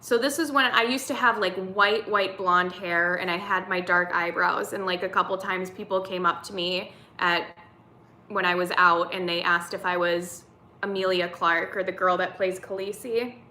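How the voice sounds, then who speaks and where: A woman's voice: fairly low pitch, fairly even intonation, moderate pace, pushed and bright, echoey room. A woman in her thirties hosting a casual live-stream chat, reading viewer comments aloud and answering them. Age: 30s.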